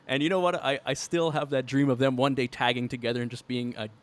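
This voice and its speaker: A man of ordinary pitch chats on a podcast with eager energy, often breaking into laughs. He talks in quick bursts when excited. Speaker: podcast co-host. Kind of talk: casual podcast chat about wrestling.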